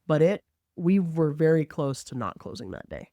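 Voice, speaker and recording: A woman who works as a mortgage lender, telling a work story in an animated, conversational way and acting out the quotes. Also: deep voice, moderate pace, no echo.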